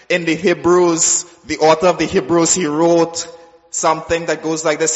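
A man telling his personal testimony to a church, acting out the voices in his story and dropping soft and low when quoting God. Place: church sanctuary. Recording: dull sound with long hall reverb.

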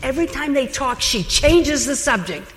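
A woman's voice: high-pitched, animated, normal speed. A woman giving a chatty, conversational sermon as a Bible teacher. She speaks animatedly, with asides and laughter. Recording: long hall reverb.

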